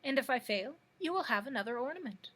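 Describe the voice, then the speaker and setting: A woman voicing a bold, indignant yellow hen that talks back proudly, in a husky voice. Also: sits high, animated, quick pace, heavily acted. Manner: proud, clucking, sharp-tongued.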